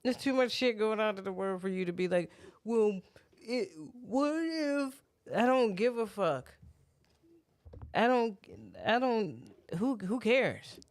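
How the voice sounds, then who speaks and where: A woman's voice: medium pitch, expressive, unhurried. A woman co-hosting a podcast in casual chat, blunt and profane, laughing often. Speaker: podcast co-host.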